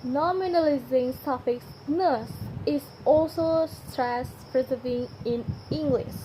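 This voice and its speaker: A woman's voice: sits high, slow, dark tone. A young woman reading a class presentation, carefully pronouncing each word twice. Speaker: student presenter. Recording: noisy home recording with crickets. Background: crickets and insects.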